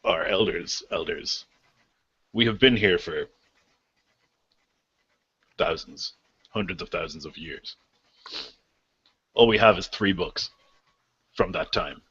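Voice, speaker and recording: A man voicing a grave male guardian of an ancient maze people, speaking slowly and formally. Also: sits low, bright, forceful tone, breathy edge, muffled recording, heavily acted. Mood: solemn.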